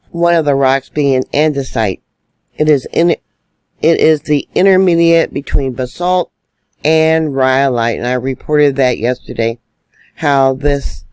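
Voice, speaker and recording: A man's voice: on the high side, darkish tone, clean tone, dry recording. A man giving solo online news commentary, indignant and emphatic as he stresses warnings.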